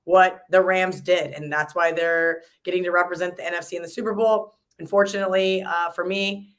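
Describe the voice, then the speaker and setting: A woman's voice: fairly low pitch, fairly even intonation, brisk. A woman hosting a casual sports betting chat, telling rambling stories in a conversational way. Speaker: sports betting show host.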